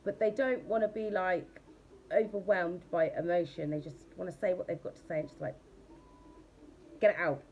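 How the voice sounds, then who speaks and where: A woman's voice: on the low side, steady tone, moderate pace, a little mellow, lo-fi sound, slight background noise. A woman giving a casual tarot reading. She talks bluntly and chattily, and she swears freely. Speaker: tarot reader.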